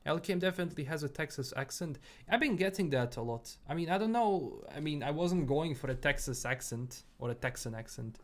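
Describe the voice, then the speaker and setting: A man's voice: a little high, animated, brisk, few pauses. A young man from Bosnia with a mixed, Bosnian-tinged English accent, chatting casually with viewers on a gaming livestream in an easygoing, rambling way. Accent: Bosnian-tinged English mixed with British and American sounds. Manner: easygoing, rambling, many fillers and repeats. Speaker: gaming streamer.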